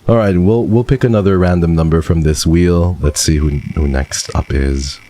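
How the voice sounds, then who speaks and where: A man's voice: deep voice, normal speed, dark tone, slight background noise. A man streaming casually, reading viewer messages aloud in a playful, teasing way and laughing often.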